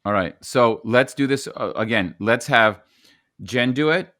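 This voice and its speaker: A male podcast host with a bright, forceful voice, recorded very dry and close. He chats casually, joking and poking fun at himself as he runs the session. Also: medium pitch, unhurried, no echo. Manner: joking, self-deprecating.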